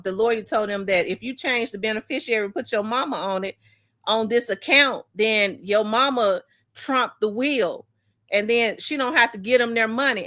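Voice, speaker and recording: Woman host, casual storyteller, animated, voices her relatives in quotes, blunt and emotional, swears freely. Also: fairly high pitch. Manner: animated, acts out family members' voices. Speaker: talk show host.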